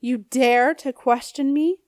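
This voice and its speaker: A woman's voice: on the high side, moderate pace, no room sound, studio quality, natural voice. A woman reading an audiobook, voicing a scornful, menacing old male ghost with a snappish, growling manner. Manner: sneering, bullying.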